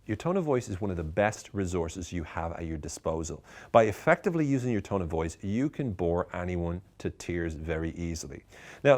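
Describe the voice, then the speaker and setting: A man with a very deep voice delivers a tongue-in-cheek lesson straight to camera. His delivery is lively and emphatic, laced with dry irony. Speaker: speaker teaching communication skills.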